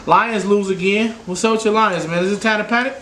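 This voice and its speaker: A man hosting a podcast, a casual sports chat full of loud, joking trash talk. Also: high-pitched, steady tone, brisk. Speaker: podcast host. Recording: echoey room with faint noise.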